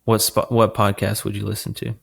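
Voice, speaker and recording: Male podcast co-host, low gravelly voice, loose rambling delivery. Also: monotone, brisk. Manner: rambling, with many restarts and fillers. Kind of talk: casual podcast chat.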